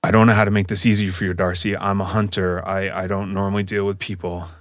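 A man voicing a huge male minotaur hunter who is awkward with people, speaking in a halting, earnest way. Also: deep voice, level tone, no room sound, close to an everyday voice.

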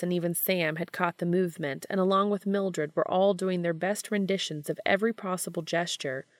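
Woman reading fanfic out loud, low voice, dead dry sound. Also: dry recording. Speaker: podcast reader. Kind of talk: reading fan fiction aloud.

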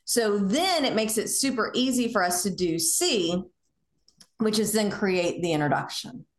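A woman with a Southern US accent hosting a podcast, coaching in a casual, animated way and acting out sample conversations. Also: medium pitch, unhurried, reverberant. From Southern United States. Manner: animated, acts out sample dialogue in lively voices. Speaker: podcast host.

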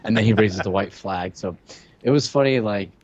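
A lower-voiced man in casual podcast chat, hedging and restarting his thoughts with constant "like"s. The recording sounds dull and lo-fi. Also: moderate pace, darkish tone, slight background noise. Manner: hesitant, many "like"s and restarts. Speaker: podcast co-host.

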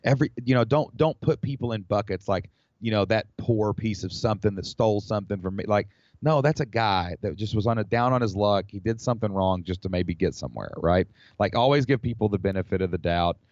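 A man from the United States, a podcast guest, telling a personal story in an animated, rambling way with lots of fillers. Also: fairly low pitch, fairly quick, dry recording. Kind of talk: casual storytelling. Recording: slightly dull dry recording.

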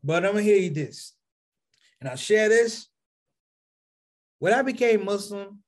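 A male stand-up comedian telling a story to his audience, calling them brothers and sisters and swinging from low asides to shouted punchlines. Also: sing-song, normal speed.

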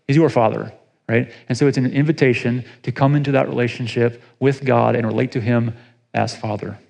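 A man gives a sermon in a relaxed, conversational teaching style, reading verses and explaining them. His voice has a gravelly edge and sits at a middle pitch for a man. He often restarts phrases and checks in with his listeners. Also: low-quality recording. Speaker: pastor.

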